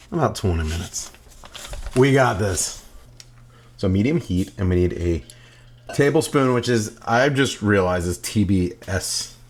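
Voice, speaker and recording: A man in his forties cooking in his home kitchen, joking to himself and breaking into playful sing-song shouts. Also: fairly low pitch. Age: 40s. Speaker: cooking vlogger. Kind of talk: goofy home cooking vlog. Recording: faint kitchen noise, sizzling pan.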